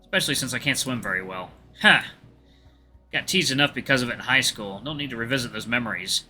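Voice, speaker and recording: A man narrates a visual novel aloud as a let's play host, breaking off for chatty asides. His voice is very bright and moves a lot in pitch. Faint game music runs underneath. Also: animated, fast.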